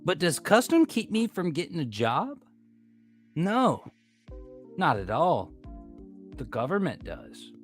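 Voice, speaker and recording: A man's voice: a little high, huge pitch swings, slow pace, pauses often, soft background music. An American man ranting to his viewers in a heated, profane way, repeating himself and arguing back at chat. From United States. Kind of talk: heated casual rant.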